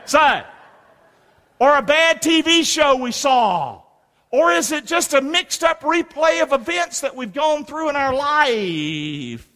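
A man preaching a sermon as pastor, in lively call-and-response with rhetorical questions to the congregation. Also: very high voice, a little slow. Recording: long reverb of a large hall.

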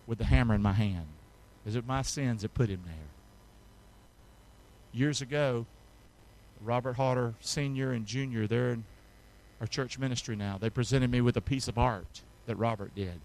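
A man preaching a sermon as pastor, calling the congregation to repeat after him and reading scripture aloud, moving between hushed, intimate lines and loud, rising passages. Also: mid-range voice. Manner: call-and-response preaching, swings from hushed to loud.

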